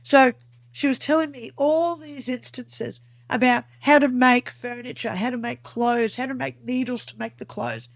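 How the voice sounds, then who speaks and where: Higher-voiced woman telling her story. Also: dry recording. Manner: earnest, vivid storytelling that acts out remembered dialogue. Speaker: podcast guest. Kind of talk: recounting a personal experience in an interview.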